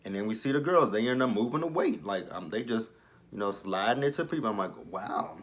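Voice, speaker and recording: A man's voice: fairly low pitch, lively intonation, fairly quick. A young man casually recapping a TV episode, blunt and profane, with exasperated asides and frequent restarts. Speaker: show recapper.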